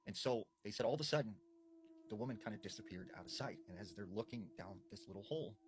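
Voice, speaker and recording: A man narrating a spooky folklore story, drawing out suspense with dramatic pauses and casual fillers. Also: lowish voice, expressive.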